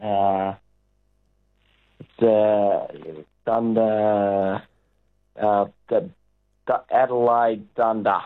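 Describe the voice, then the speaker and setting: A man calling into a radio quiz, hesitant and drawn-out. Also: lowish voice, steady tone. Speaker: caller. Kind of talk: phone-in answer. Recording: tinny phone line.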